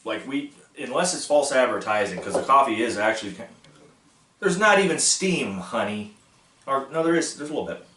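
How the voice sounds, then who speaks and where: A man's voice: medium pitch, lively intonation, moderate pace, bright, forceful tone. A man hosting a casual food-tasting vlog, goofy and self-mocking as he jokes about snacks. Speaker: vlog host. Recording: echoey room from far off.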